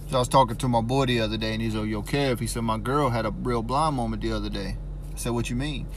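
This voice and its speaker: A man rattles off a funny anecdote at a quick, easy clip, stacking up "he said" and "I said" as he goes. His voice sits at an ordinary middle pitch. There is steady noise on the phone recording. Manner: brisk storyteller repeating "he said". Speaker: police officer telling stories. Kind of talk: casual anecdote to camera.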